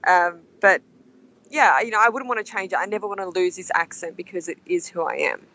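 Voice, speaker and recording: A woman's voice: lowish voice, brisk, bright, forceful tone, dull audio, slight background noise. A young Australian woman with an Australian accent, chatting casually as a guest and telling funny stories with frequent laughs. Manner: bubbly, laughs often, tells anecdotes. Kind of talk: casual chat.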